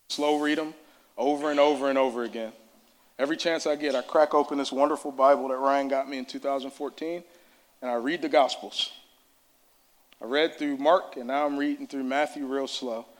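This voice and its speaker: A man preaching a sermon in a church service, impassioned and repetitive. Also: medium pitch.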